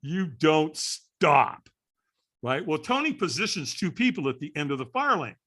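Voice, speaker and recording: An older man in his sixties tells his story with a bright, forward voice. His pitch swings widely as he acts out other people's lines and keeps checking in with "right?" He is a podcast guest. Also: measured pace. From California. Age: 60s. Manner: lively storyteller acting out voices, frequent "right?". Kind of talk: animated storytelling.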